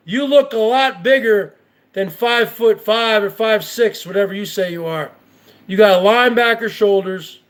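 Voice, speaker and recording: High-voiced man ranting profanely. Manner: profane, heated, repetitive. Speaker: show host. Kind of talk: ranting commentary.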